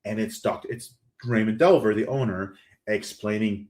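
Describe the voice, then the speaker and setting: A man hosting a podcast, recapping a horror story in a casual, animated way and briefly acting out the lines of its characters. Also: fairly low pitch, normal speed. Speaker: podcast host.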